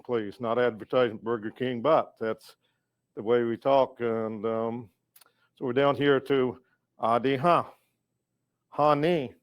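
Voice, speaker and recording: An older man from North Carolina giving a language lesson, patient and slow, repeating each word so the learner can follow. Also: mid-range voice, clean tone, lo-fi sound. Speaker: educator and storyteller.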